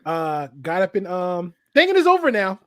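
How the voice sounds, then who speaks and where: Animated man telling stories with a Southern drawl. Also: sits high, moderate pace, dry recording, studio quality. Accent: faint Southern drawl. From American South. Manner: animated storyteller, acts out quotes, swears casually. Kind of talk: casual storytelling chat.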